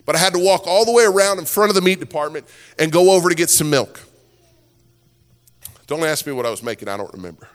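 High-voiced pastor preaching in a hall. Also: male voice, lively intonation, fast talker, pauses often. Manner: storytelling, builds to impassioned preaching. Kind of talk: sermon. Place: church sanctuary with worship music. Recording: reverberant hall with music behind.

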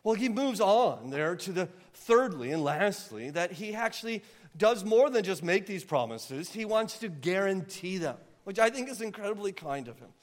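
Impassioned high-voiced male pastor preaching. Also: very animated, moderate pace. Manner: impassioned, rising to near-yelling then softening to earnest. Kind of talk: sermon.

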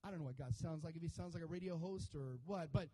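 A male pastor with a high-pitched, mellow voice delivers a church sermon. He mixes casual, joking asides with surging, emphatic preaching that calls out to the congregation. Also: quick pace, rough recording. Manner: builds to loud emphatic preaching with call-and-response; conversational asides with humor. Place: church sanctuary.

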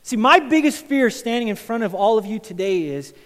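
A male pastor preaching a sermon to a congregation. He moves from loud, emphatic lines to quiet, intense ones. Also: high voice, sing-song, a little fast. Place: church sanctuary. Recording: church hall with long reverb.

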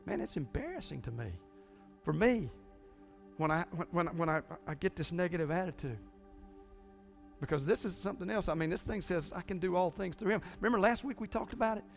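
A man's voice: high voice, animated, a little fast, vocal fry, soft background music. Earnest middle-aged male pastor preaching. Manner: earnest, confessional, urges a quiet congregation. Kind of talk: sermon. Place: church sanctuary.

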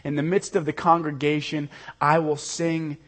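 A male pastor preaching a sermon earnestly, swinging from loud emphasis to soft, intimate lows. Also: flat delivery, normal speed.

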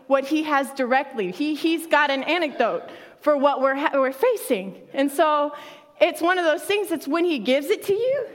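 A woman's voice: sits high, expressive, measured pace, in a large hall. A woman pastor preaching a sermon in a conversational way, laughing often and acting out quotes.

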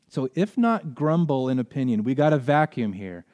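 A man preaching a sermon as pastor, earnest, often repeating words and rising in pitch and volume when he stresses a point, then closing in prayer. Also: very animated, normal speed, hardly any pauses, a little mellow.

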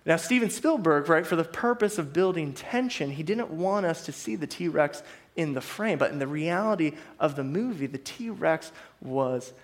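A man's voice: a little high, expressive, moderate pace. Man preaching a conversational sermon. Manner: conversational, checks in with frequent "right?".

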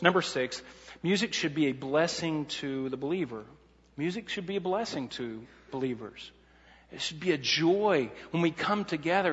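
A man's voice: a little high, a bit bright, long reverb tail, highs cut off. A man preaching a sermon in an earnest way, laying out numbered points and often restarting his sentences.

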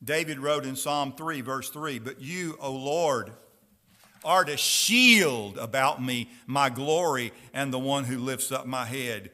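A man preaching a sermon who reads scripture aloud with slow, earnest emphasis and asks his listeners direct questions. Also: mid-range voice, sharp tone.

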